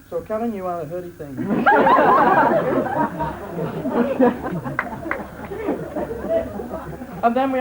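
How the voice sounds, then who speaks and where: A man giving a joking wedding speech as best man, laughing between lines and restarting his sentences. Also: sits high. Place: wedding reception room. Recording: loud crowd and noise, live reception.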